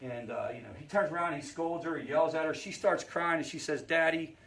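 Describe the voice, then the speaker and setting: A man's voice: a little high, fairly quick, vocal fry, a bit bright. A man, teaching a family support group. He talks conversationally, tells stories along the way and keeps asking the room whether they follow him. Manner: engaging, checks in with the audience often; conversational, storytelling asides. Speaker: family recovery group facilitator.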